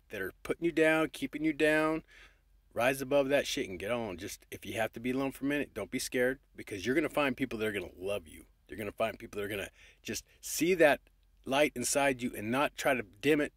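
A man's voice: mid-range voice, no room sound, studio quality. A man talking straight to his viewers in a rambling, affectionate, profane motivational monologue. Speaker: vlogger.

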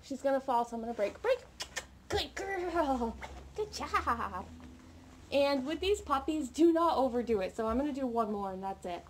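High-voiced woman coaching a puppy. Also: very animated, moderate pace. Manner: upbeat coaching, bursts of high praise to her puppy. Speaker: dog trainer. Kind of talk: live training tutorial. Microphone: camera mic, off camera. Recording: noticeable background noise with training clicks.

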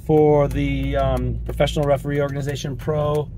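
A hoarse, raspy man from Colorado, chatting in a rambling, upbeat way with lots of ums while he drives. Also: medium pitch, moderate pace, faint music behind. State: hoarse from a cold. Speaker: vlogger and soccer referee. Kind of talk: casual driving vlog. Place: inside a moving car. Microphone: dash-mounted action camera. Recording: loud road and car noise.

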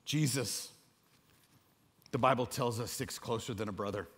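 A man preaching a sermon to a room, dropping to a hush and then rising loud and high. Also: moderate pace, husky. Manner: dramatic swings between hushed and loud, preaching to a room. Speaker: pastor.

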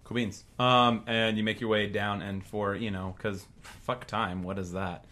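A man's voice: on the low side, flat delivery, a little slow, pushed and bright. A laid-back man running a tabletop game as game master, explaining the rules plainly.

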